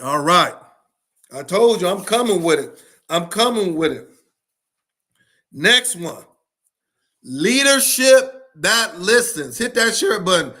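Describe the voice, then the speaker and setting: A man's voice: high-pitched, expressive, unhurried, long pauses, bright, forceful tone. A man giving an emphatic talk on school leadership, repeating his key points for stress. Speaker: education speaker. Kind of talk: passionate solo talk to camera.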